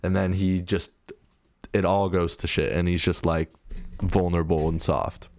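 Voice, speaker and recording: A man's voice: low voice, level tone, normal speed, a little mellow, no room sound, studio quality. A man hosting a reaction video, talking casually in a hesitant, mild, somewhat defensive way.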